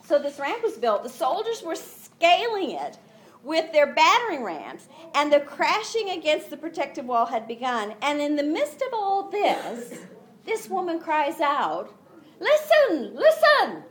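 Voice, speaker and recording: A woman preaching a sermon, retelling the story in an animated way and acting out the voices. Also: high-pitched, a little slow. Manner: animated storytelling, acts out voices, laughs often.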